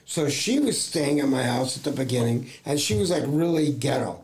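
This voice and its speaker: A middle-aged American talent agent, appearing as an interview guest, tells rambling anecdotes in casual chat, acting out what others said and using many fillers. His voice is mid-range, expressive, and darkish, at a moderate pace.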